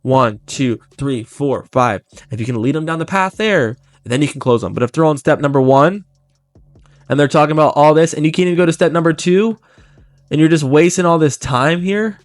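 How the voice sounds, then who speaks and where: A man coaching life insurance agents in a blunt, intense, motivational way, talking in quick bursts. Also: a little high, no echo. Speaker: life insurance sales trainer. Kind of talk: motivational sales coaching talk.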